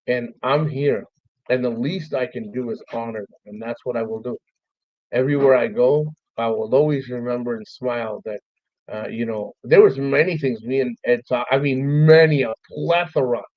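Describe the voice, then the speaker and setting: A man's voice: mid-range voice, moderate pace, no room sound. A man speaks casually and loosely, with plenty of swearing, as he remembers a late friend on his stream. The audio is dull and lo-fi, and the room sounds dry and close. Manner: loose, profane, thanks listeners by name. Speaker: podcast host. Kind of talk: casual memorial monologue.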